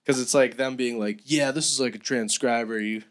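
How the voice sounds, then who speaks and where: A man's voice: mid-range voice, fairly even intonation, a little fast. A man co-hosting a casual podcast, swearing and acting out quotes in silly voices. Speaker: podcast co-host. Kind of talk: casual chat.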